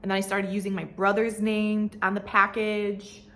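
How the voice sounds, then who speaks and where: Bright twenty-something woman doing a grwm storytime, super animated, swearing, doing little voices for everyone. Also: medium pitch, normal speed. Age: 20s. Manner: animated, slangy, swears freely, many fillers; mimics the people in her story. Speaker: vlogger. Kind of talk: get-ready-with-me storytime chat.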